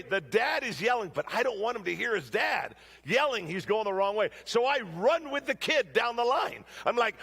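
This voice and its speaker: A middle-aged man preaching a sermon in a church, telling stories with humorous asides in an animated way. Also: very high voice, gravelly. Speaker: guest preacher. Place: church sanctuary.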